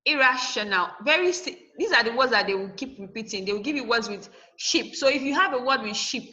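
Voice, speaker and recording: A woman's voice: fairly high pitch, lively intonation, a little fast, bright, forceful tone, muffled recording. A woman teacher giving a lesson over a video call, firm and instructive, spelling out word endings letter by letter. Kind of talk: online class lesson.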